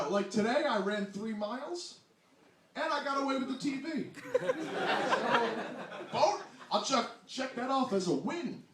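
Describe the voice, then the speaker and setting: Animated New Jersey comic in echoey hall. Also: male voice, high voice. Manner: animated, exclamatory, mimics voices. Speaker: stand-up comedian. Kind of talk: stand-up comedy set. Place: small hall with audience. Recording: distant echoey room mic, loud noise.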